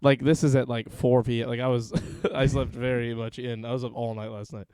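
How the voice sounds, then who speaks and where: A man's voice: medium pitch, brisk, clear, resonant tone, no echo. A man hosting a casual podcast, talking sarcastically and acting out the lines of the people in his stories. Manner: sarcastic, animated storyteller who acts out quotes. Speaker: podcast host.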